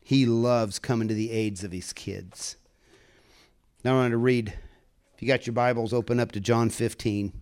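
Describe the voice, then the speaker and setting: Man, preacher, casual sermon, folksy storytelling, earnest, fervent, smooth resonant voice, mid pitch. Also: fairly even intonation, moderate pace, darkish tone. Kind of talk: conversational sermon with personal stories.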